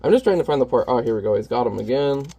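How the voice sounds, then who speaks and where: A man's voice: medium pitch, animated, racing, warm tone, breathy edge. A man who is a parent, chatting casually and candidly while painting on camera, rambling and self-deprecating. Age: adult parent.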